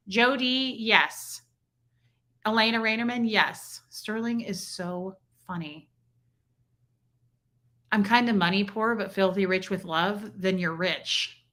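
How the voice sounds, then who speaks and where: Young woman streamer, bright clear voice, gushing, reads chat names aloud. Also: mid-range voice, slow. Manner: effusive, thanks viewers by name. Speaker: livestream host. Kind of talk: casual livestream chat reading donations.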